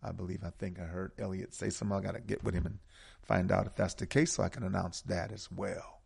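A man's voice: low voice, fairly even intonation, vocal fry, a little mellow, breathy edge. A man hosting a radio talk show, speaking with an emphatic, preaching cadence and repeating key words. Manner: preaching cadence with dramatic pauses.

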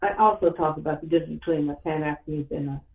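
A man co-hosting a casual talk show, agreeable and relaxed, pausing with ums. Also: fairly high pitch, roomy sound, narrow, tinny audio.

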